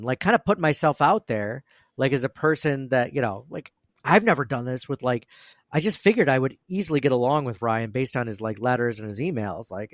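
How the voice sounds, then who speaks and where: Man, podcast co-host, casual chat, rambling, laughing, mid pitch, dry close sound. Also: lively intonation, fairly quick, no echo. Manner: rambling, self-deprecating, laughs a lot.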